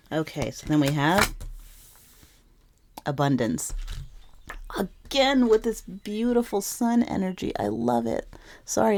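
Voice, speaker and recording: A woman's voice: low voice, darkish tone. A woman giving a casual tarot reading to camera, rambling and emotional, often correcting herself mid-sentence. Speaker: tarot reader.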